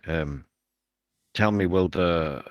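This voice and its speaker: Low-voiced male player, relaxed and casual, dry mic. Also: takes it slowly, clear, resonant tone, no room sound, lo-fi sound. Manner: laid-back, casual. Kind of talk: casual tabletop role-play.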